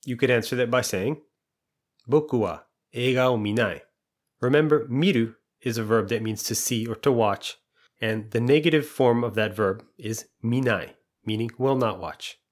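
Here a language teacher works patiently through his lesson one step at a time, quizzing and then explaining the answers. His voice is medium in pitch and normal in speed.

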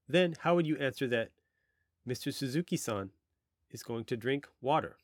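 A man hosting a podcast language lesson, explaining patiently and modelling pronunciation slowly. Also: mid-range voice, no room sound, clean studio sound. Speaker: language teacher and podcast host.

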